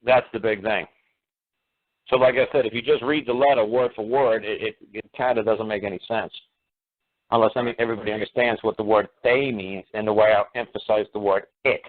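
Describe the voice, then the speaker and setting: A man's voice: lowish voice, fairly even intonation, fairly quick. A man lecturing on a call-in radio show, combative and blunt, hammering listeners with repeated rhetorical questions and swearing. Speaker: radio talk show host. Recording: tinny phone-line radio audio.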